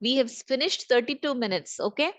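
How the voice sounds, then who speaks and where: A woman's voice: sits high, animated, fairly quick, no echo. A woman trainer leading an online session, repeating key points and asking the group questions. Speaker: corporate trainer. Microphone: video call.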